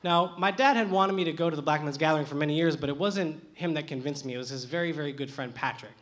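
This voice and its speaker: High-voiced young man telling a story onstage. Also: fast talker. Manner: lively, animated, comic timing. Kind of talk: live personal storytelling onstage. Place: theater stage with audience.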